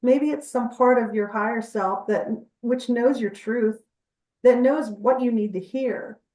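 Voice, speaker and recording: A woman's voice: a little high, a little slow, mellow, recorded from a distance. A woman guest in an interview, telling her experiences and explaining in an earnest, chatty way. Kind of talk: conversational interview storytelling. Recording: echoey room, off-mic.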